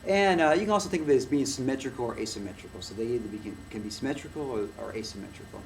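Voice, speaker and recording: A man's voice: mid-range voice, animated, rapid-fire. A man teaching a music lesson in a loose, rambling way, with many fillers and restarts as he claps and plays to demonstrate. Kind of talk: casual recorded lecture. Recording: noisy room, mic far from the speaker.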